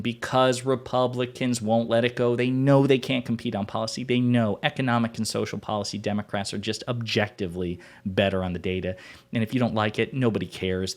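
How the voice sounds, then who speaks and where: A man hosting a political commentary show, arguing his points emphatically and repeating them for stress. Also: fairly low pitch.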